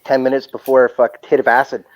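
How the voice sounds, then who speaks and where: A man who is a guest on a podcast, telling a long story in casual chat, rambling and swearing constantly in fast bursts. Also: mid-range voice, little pitch movement, no room sound, lo-fi sound.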